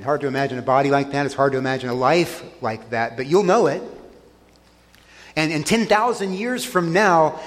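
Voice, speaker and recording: A middle-aged pastor delivers an earnest sermon in a church sanctuary, his voice sitting a bit high for a man. He often sinks quiet and low to press a point home. A long reverb trails each phrase through the hall. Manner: earnest preaching, dropping soft and low on key lines.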